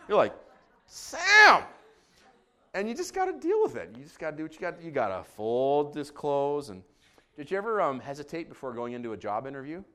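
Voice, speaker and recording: A middle-aged man preaching a sermon as a pastor, joking and animated, shouting in acted bits. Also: mid-range voice.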